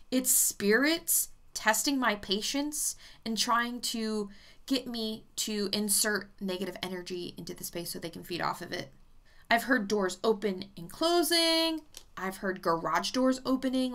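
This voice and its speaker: Bright-voiced, blunt-talking woman medium. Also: fairly high pitch. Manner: chatty, blunt, swears freely. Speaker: psychic medium. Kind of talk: casual vlog talk.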